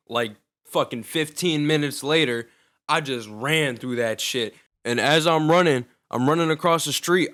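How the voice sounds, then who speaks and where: A man's voice: medium pitch, a bit bright. A young man casually telling a personal story in loose, profane, slangy talk.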